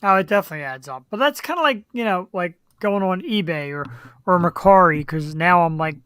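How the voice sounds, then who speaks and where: A man co-hosting a live web talk show, upbeat and chatty, reading out viewer shout-outs and upcoming guests. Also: high-pitched, lively intonation, fairly quick, clean tone, no echo. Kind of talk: casual live-show chat and announcements.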